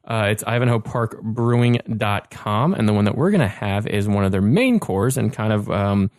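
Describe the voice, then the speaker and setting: A man hosting a casual podcast, talking quickly and eagerly, often tripping over his words. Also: fairly low pitch, expressive, darkish tone, dry recording, clean studio sound. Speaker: podcast host. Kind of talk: casual chat.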